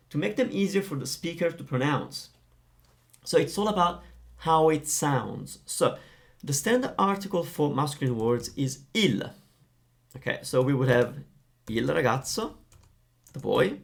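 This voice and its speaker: A man teaching Italian grammar, explaining in a lively, playful way. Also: on the high side, creaky.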